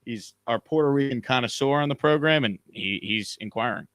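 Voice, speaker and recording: An upbeat man hosts a casual live stream and reads viewer comments aloud in an easy, chatty way. His voice sits at a middling pitch, and it sounds dry and close with no room echo. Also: a little fast, a bit bright. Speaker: show host. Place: hotel room.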